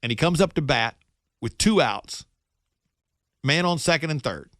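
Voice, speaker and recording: A middle-aged man, a radio host, telling a personal story in a casual, animated monologue with self-mocking jokes. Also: fairly high pitch, a little slow, no echo, studio quality.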